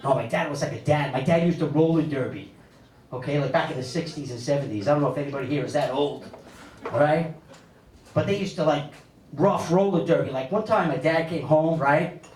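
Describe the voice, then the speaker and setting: A man, doing a stand-up comedy set on a club stage with animated storytelling and big pitch swings for punchlines. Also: brisk, a little hiss or hum. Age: 50s. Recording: echoey club audio, mic a bit distant, loud crowd laughter.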